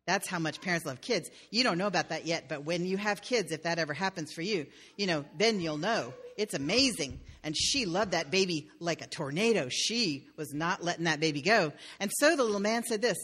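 A woman's voice: fairly low pitch, expressive, a little fast, hardly any pauses, a bit bright, breathy edge. A woman pastor telling a fairy tale in a sermon, with playful asides to the listeners.

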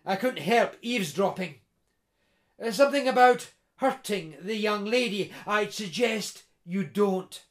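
A man reading aloud who voices a cool, vengeful male doctor in a storybook thriller, calm and measured with a coldly polite manner. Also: sits high.

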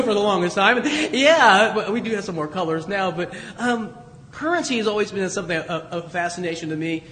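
High-voiced man preaching in a reverberant hall. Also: a bit bright, slight background noise. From United States. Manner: conversational storytelling with chuckles. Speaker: pastor. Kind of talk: sermon.

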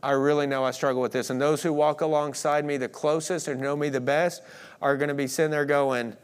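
A man preaching a sermon, earnest, swinging between emphatic declarations and hushed moments. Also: a little high, fairly even intonation, a little fast, smooth. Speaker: pastor.

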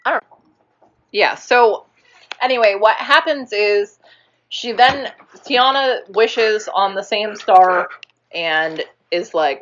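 A woman's voice: medium pitch, slow, highs cut off. Rambling young woman recapping a movie. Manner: rambling, animated, swears casually, acts out characters' lines. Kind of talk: casual chat retelling a movie.

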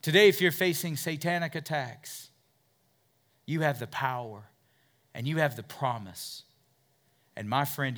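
A middle-aged male pastor preaching a sermon in a church, asking the congregation questions and swinging from loud, emphatic lines to hushed, near-whispered appeals. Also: medium pitch. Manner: asks the congregation questions and repeats words as he builds.

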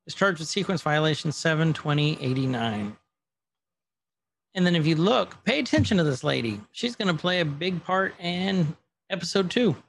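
A man's voice: a little high, lively intonation, normal speed, vocal fry, a little hiss or hum. A man chatting casually as he recaps a show, acting out quotes of the dialogue.

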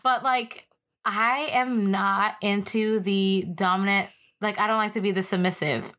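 A woman's voice: mid-range voice, steady tone, a little slow, fairly bright tone. A young woman co-hosting a podcast, chatting casually and rambling with lots of "like.". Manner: rambling, heavy use of "like". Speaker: podcast co-host. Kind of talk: casual chat.

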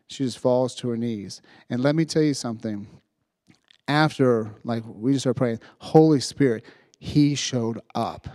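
A man's voice: medium pitch, a little mellow, dry recording, studio quality. A man giving a sermon testimony, telling a story and building to fervent preaching. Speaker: youth speaker.

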